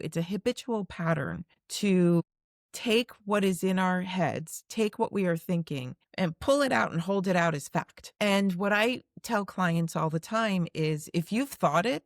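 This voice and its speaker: A woman's voice: mid-range voice, dry recording, clean studio sound. A woman hosting an interview podcast, talking earnestly as a coach and giving advice straight to the listener. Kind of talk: conversational interview.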